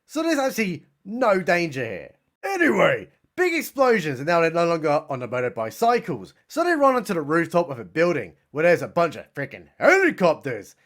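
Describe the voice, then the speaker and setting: A man's voice: on the high side, huge pitch swings, a little fast, a bit bright. A young man giving a sarcastic, mocking comedic film recap. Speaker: film reviewer.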